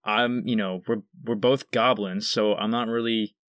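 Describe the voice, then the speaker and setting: A man's voice: lowish voice, fairly even intonation, normal speed, fairly bright tone, dry recording. Joking man at a game table, dry sound. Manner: joking, casual. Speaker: player. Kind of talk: playing a goblin character in a tabletop game.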